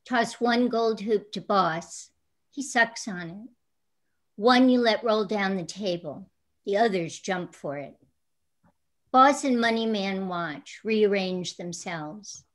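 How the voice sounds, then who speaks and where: A woman reading her own poem aloud in a measured, deliberate way. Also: medium pitch, a bit bright. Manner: slow, measured, deliberate delivery. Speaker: poet. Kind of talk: poetry reading.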